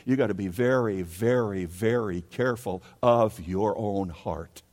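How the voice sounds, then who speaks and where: A man preaching a sermon as pastor, emphatic, repeating key words and swinging between loud and soft. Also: on the low side, a little slow. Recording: long reverb of a large hall.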